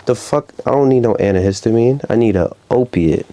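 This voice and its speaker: Young New York man, dark mellow tone, casual storyteller who acts out quotes loudly. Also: mid-range voice, fairly quick. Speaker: rapper guest. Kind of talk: casual interview chat.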